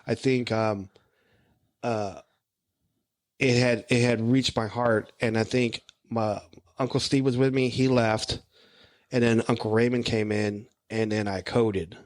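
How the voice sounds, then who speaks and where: A man recounting a medical ordeal in casual conversation, halting as he pieces together what he remembers. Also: mid-range voice, fairly even intonation, no room sound. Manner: halting, piecing together hazy memories. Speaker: podcast co-host and guest.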